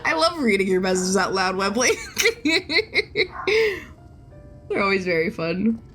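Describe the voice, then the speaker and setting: A woman's voice: mid-range voice, sing-song, fairly quick, fairly bright tone, soft background music. A woman streaming a game, chatting casually in a crude, rambling way and laughing often. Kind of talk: casual live-stream chat.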